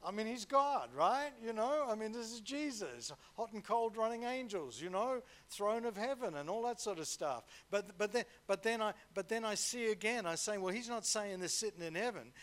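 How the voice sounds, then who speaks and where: A man delivers a sermon, his voice pitched high. He talks to the congregation like a conversation, stumbling over repeated words and tagging 'right?' onto his points. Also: expressive, moderate pace, few pauses, a bit bright. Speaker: preacher.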